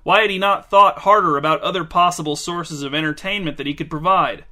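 Male storyteller, dry measured reading, bright slightly high voice. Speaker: narrator. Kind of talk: scripted story narration.

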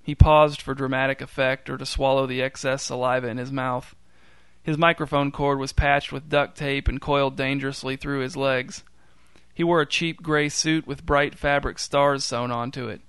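Man reading a story, smooth and deadpan. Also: medium pitch, normal speed, no echo. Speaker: narrator. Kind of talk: scripted story narration.

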